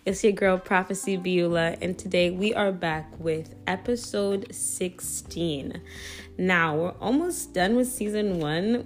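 Chatty young woman hosting a faith podcast. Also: on the low side. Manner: chatty, relaxed, frequent fillers and self-corrections. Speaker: podcast host. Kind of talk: casual faith podcast chat.

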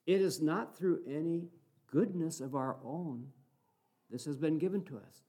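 A man's voice: a little high, a little slow, dark tone. An older man in his sixties preaching a sermon, telling stories earnestly and rising to fervent exhortation.

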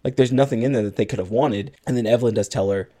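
Talking fast in a mellow, medium-pitched voice, a man co-hosting a podcast walks through a movie's story in detail. He performs snippets of its dialogue as part of the casual recap conversation.

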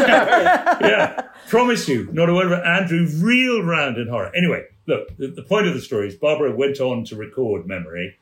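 A man, a theatre producer telling anecdotes on a chat show, animated and laughing as he goes. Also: fairly high pitch, moderate pace, roomy sound. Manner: animated storyteller, laughing mid-story.

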